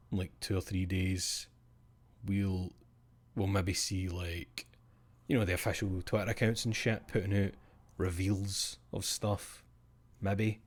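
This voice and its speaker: A male streamer chatting casually after a live show, rambling, sweary and self-mocking. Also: lowish voice.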